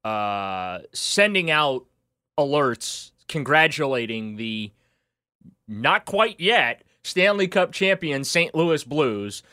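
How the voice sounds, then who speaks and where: A man's voice: a little high, expressive, slow, bright, forceful tone. A man co-hosting a casual sports talk show, ranting with sarcastic, dry jabs. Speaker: sports radio co-host.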